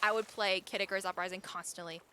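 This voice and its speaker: A young woman chatting casually with her viewers as a live streamer, chatty and quick to get excited, laughing often. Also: medium pitch, a little hiss or hum.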